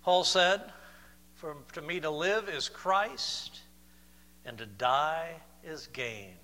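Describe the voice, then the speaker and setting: A man preaching a sermon in a fairly high, bright voice. He moves between loud, emphatic declarations and quiet, slowed-down questions to the congregation. His voice rings with the long reverb of a large hall. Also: lively intonation. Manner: swings from loud emphatic declarations to soft slow intimate questions.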